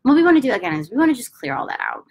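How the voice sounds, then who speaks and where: A middle-aged woman coaching a tapping session, talking in an upbeat, emphatic way and then slowly chanting affirmations. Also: a little high, big pitch swings, poor audio. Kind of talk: guided self-help instruction.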